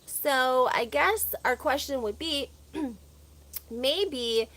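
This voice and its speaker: A woman's voice: high-pitched, extremely slow, a bit bright. Chatty Southern woman dishing gossip. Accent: American Southern. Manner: chatty, opinionated, laughs often. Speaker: reality TV recap host. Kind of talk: casual gossip livestream.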